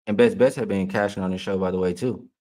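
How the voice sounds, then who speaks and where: Low-voiced man hosting a betting stream. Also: fairly even intonation, fast, darkish tone. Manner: casual, heated when ranting at a chat troll; laughs often while reading comments. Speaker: sports betting show host. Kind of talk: livestream chat with viewers.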